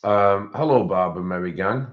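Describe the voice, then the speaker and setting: A man's voice: deep voice, normal speed. A man hosting a colouring live stream in casual, rambling chat, greeting viewers by name. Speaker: colouring channel host. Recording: dull lo-fi stream audio.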